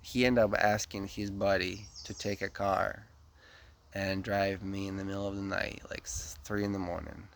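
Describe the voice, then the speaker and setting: Gravelly man. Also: normal speed, slight background noise. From Ukraine. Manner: animated, acts out dialogue with rising pitch. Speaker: vlogger. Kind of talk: casual storytelling.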